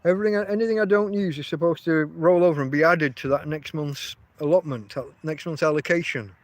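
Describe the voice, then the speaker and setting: A livestream host in his 50s chats casually outdoors, his voice on the high side and brisk, with no room sound. He rambles and often restarts his sentences.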